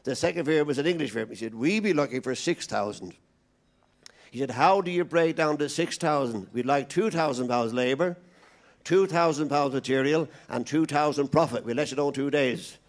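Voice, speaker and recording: An Irish man with a slightly high voice does stand-up comedy at normal speed. He tells long, rambling jokes and voices every character in them himself.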